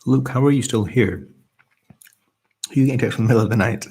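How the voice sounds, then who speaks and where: A young man with a slight Scottish accent, hosting a relaxed livestream and chatting softly as he reads out and answers viewer comments. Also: mid-range voice, fast, gravelly, pauses often, slightly rough. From Britain. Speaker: ASMR livestream host. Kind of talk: casual soft-spoken live chat.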